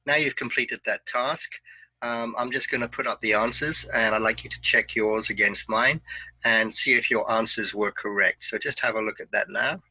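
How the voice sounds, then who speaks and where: A man teaching an online English pronunciation lesson, giving patient, clear instructions. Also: on the low side, steady tone, moderate pace, sharp tone, dry recording, rough recording.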